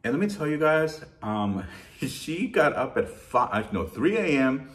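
A man hosting a shopping channel, chatting casually and warmly thanking his viewers in an effusive, heartfelt way. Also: mid-range voice, sing-song, measured pace. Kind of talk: casual vlog chat to viewers.

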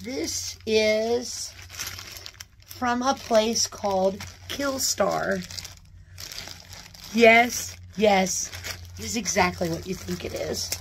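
A woman chatting casually as she unboxes a new purse, gushing with excited exclamations. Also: mid-range voice, very slow, gravelly, pauses often, a little hiss or hum. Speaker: unboxing vlogger. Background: paper crinkling.

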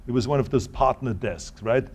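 A man with a German accent telling stories in an interview, talking quickly and often restarting his sentences. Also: medium pitch, a little mellow. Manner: tumbling words, frequent restarts. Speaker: interview guest. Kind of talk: anecdotal interview answers.

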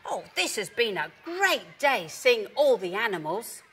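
A woman voicing a naive, excitable young male dog who is amazed by everything. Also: fairly high pitch, measured pace, a little hiss or hum. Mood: happy.

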